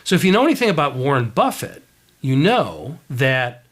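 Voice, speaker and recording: A man telling a story in a leadership talk, animated and conversational, often checking in with the audience. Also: mid-range voice, moderate pace. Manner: animated storyteller, frequent "right?" asides. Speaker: leadership speaker.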